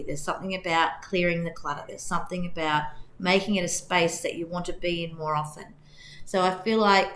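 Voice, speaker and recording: Woman tarot reader, reassuring and meandering, a bit hoarse, recorded in an echoey room. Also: lowish voice, a little hiss or hum. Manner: gentle, reassuring, rambling. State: losing her voice. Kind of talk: tarot reading to camera.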